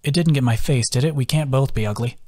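A man's voice: mid-range voice, fast, dark tone, close to an everyday voice. A man doing a wounded, joking young man. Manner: breathy, joking, exhausted. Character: injured young man, wry joker, weak.

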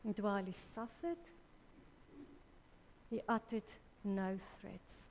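A woman preaching a sermon at a church women's conference, slow and deliberate, correcting herself mid-sentence. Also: mid-range voice, steady tone, a little mellow, slight background noise. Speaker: conference speaker. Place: church hall. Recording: reverberant church hall.

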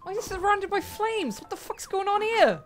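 A young woman giving casual, excitable commentary while playing a video game, swearing freely and talking back to the characters. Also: extremely high pitch, brisk, faint music behind. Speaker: let's play gamer.

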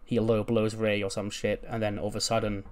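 A man's voice: fairly low pitch, little pitch movement, fairly quick, a little mellow. A young man casually recapping a simulation game, chatty and swearing freely. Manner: chatty, swears, laughs at the results. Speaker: gaming channel host.

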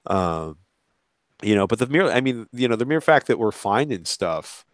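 A man with a fairly low voice, talking as a panel guest in a live online discussion. He rambles through his thoughts, jumping into acted-out quotes along the way. The sound is dry and close. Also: very animated, moderate pace, dry recording.

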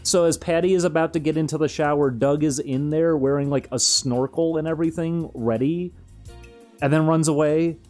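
A man's voice: a little high, steady tone, moderate pace, a little mellow, soft background music. A young man streaming, rambling through casual commentary with frequent amused laughs.

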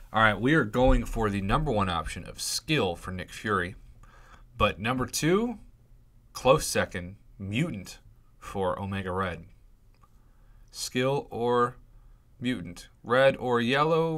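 Excitable man commentating game loot openings. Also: on the low side. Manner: excitable, playfully dramatic, pleading with the game. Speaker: YouTube gaming commentator. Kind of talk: casual commentary on a mobile game's crystal openings.

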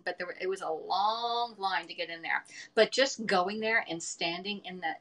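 A woman's voice: lowish voice, a bit bright. A middle-aged woman in casual live-stream chat, rambling and chatty as she talks to viewers from her home kitchen.

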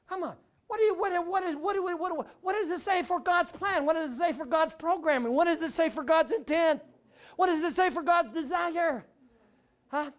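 A man preaching a sermon, animated, shouting out repeated phrases and prodding the congregation with "huh?". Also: very high-pitched, moderate pace.

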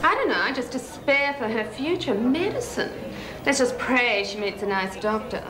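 An actress playing a posh Australian society woman, snobbish, plummy, high voice, TV sketch, studio audience. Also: animated, normal speed, roomy sound, a crowd in the background, close to an everyday voice, low-quality recording. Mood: gossipy. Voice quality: affected, plummy. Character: snobbish wealthy middle-aged woman, political conservative. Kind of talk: TV sketch comedy.

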